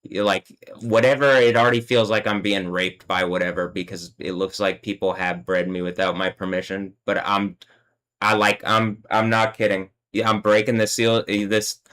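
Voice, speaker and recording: A man's voice: fairly low pitch, fairly bright tone, rough recording. A man hosting a solo livestream, talking in an agitated, swearing rant. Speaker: livestream host.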